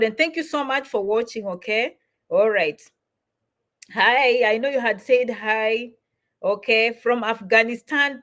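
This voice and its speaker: A middle-aged woman runs a casual live stream, chatting with viewers in a warm, repetitive way. Her voice sits fairly high. She talks loosely and keeps greeting people between bits of advice. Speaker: immigration advice host.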